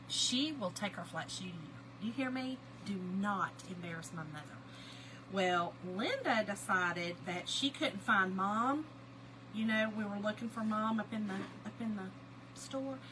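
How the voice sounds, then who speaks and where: A middle-aged woman, chatting and telling animated family stories to viewers while she crafts on a livestream. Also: medium pitch, measured pace, noisy background. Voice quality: lively, animated storyteller, greets chat viewers by name.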